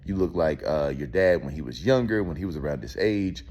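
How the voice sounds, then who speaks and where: A man briefly quoting a coaxing adult stepmother, barely changing his own deep voice. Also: lively intonation, a little fast, darkish tone.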